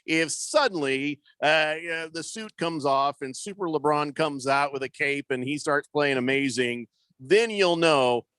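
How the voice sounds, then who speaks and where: A man's voice: on the high side, measured pace, fairly bright tone, clean tone, no echo. A wisecracking male radio host trading quips, with a slightly raised voice. He reads listener texts with mock voices. The studio sound is close and dry. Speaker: radio sports talk host. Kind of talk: casual sports radio banter.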